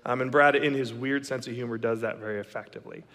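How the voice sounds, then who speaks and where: A man in his thirties telling a story to an audience, animated and dramatic, acting out the lines of the people in it. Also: medium pitch, fast. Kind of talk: storytelling talk. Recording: long reverb of a hall.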